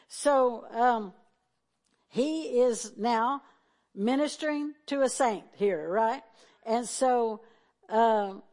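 A woman's voice: fairly high pitch, darkish tone. A woman preaching a sermon in a conversational way, talking to the congregation directly, reading scripture aloud and drawing out key phrases for emphasis.

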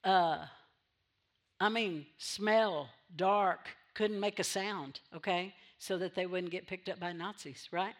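A woman's voice: lowish voice, fairly even intonation, slow. A woman pastor preaching a sermon in church, repeating phrases for emphasis and drawing amens from the congregation.

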